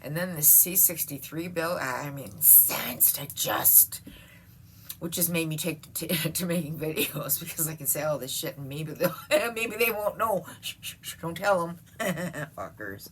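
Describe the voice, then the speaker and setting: A woman's voice: low voice, lively intonation, measured pace, a bit bright, slight background noise. Exasperated woman ranting. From Canada. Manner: exasperated, profane, laughs often. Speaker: vlogger. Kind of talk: casual vlog rant. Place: at home, seated.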